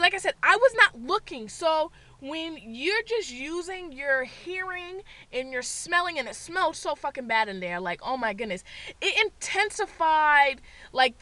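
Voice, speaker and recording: A woman beauty vlogger tells a story from her car in a bright, piercing voice that swoops high and low. She curses freely and loudly acts out her own screaming. The sound is close and dry, with no room echo. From Boston area, USA. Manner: loud, swears a lot, acts out her screams. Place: parked car.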